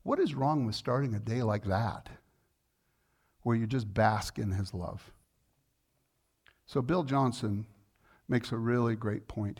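A male pastor preaching a sermon in a conversational, earnest way, telling a personal story with fillers and restarts, and growing soft and quiet in tender moments. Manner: softens and lowers his voice in tender moments.

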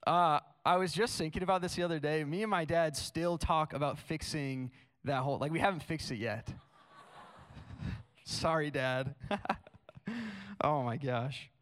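A man's voice: a little high, moderate pace, a bit bright, clear, resonant tone. A young man preaching a sermon in a casual, storytelling way, full of "like" fillers. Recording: long hall reverb.

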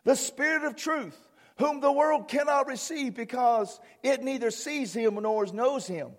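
A male pastor preaching a sermon with fervor, often shouting for emphasis, with a husky voice. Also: extremely high pitch, measured pace.

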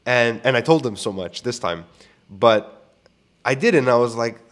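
A man's voice: mid-range voice, measured pace. A young man hosting a podcast, telling candid stories about clients in a casual, profane way with frequent restarts. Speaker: podcast host. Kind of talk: casual storytelling monologue.

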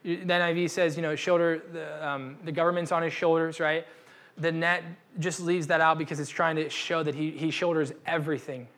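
A young man giving a casual, humorous sermon as a pastor, acting out the people in the story with slang and quick asides. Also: fairly high pitch. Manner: animated, acts out quoted voices with slang. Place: church gathering.

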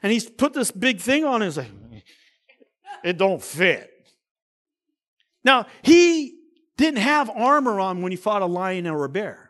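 A male pastor preaching a sermon, dramatic, swinging between loud emphasis and quiet asides. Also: high voice, big pitch swings, moderate pace.

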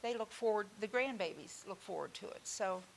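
A woman's voice: mid-range voice, lively intonation, brisk, vocal fry, slight background noise. A middle-aged woman on a parenting panel, talking in an upbeat, matter-of-fact way about her family. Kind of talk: casual panel chat.

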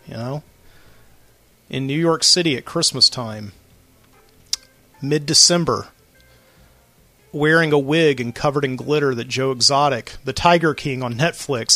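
A podcast host talks alone in his studio, spinning a loose story full of filler words. His voice is bright and a touch high. The sound is dry, with faint music underneath. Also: dry recording. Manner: rambling storyteller, lots of fillers. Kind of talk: late-night solo monologue.

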